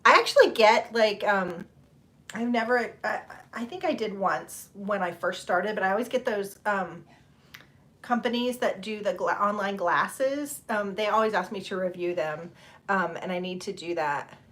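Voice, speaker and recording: A woman's voice: mid-range voice, measured pace, fairly bright tone. A middle-aged woman, chatting casually with viewers on a livestream, rambling and laughing. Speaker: livestream host. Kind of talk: casual chat with live viewers.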